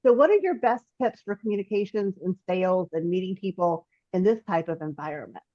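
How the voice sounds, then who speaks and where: A woman's voice: on the low side, lively intonation, fairly quick, no room sound. A woman hosting a podcast, asking an interview question and affirming her guest. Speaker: podcast host. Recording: dull, dry sound.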